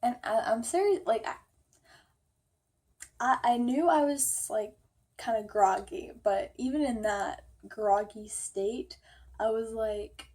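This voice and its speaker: A woman's voice: on the high side, takes it slowly, long pauses, a little mellow. A young woman telling a storytime vlog, chatty and full of fillers, acting out her own quotes. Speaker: vlogger.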